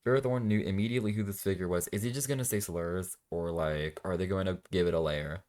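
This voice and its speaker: A man reading a fan story aloud and breaking off for sarcastic, deadpan commentary. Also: sits low, fast talker, hardly any pauses. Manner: sarcastic, deadpan asides between dramatic readings. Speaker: reaction video host. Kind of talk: comedic fanfic reading with commentary.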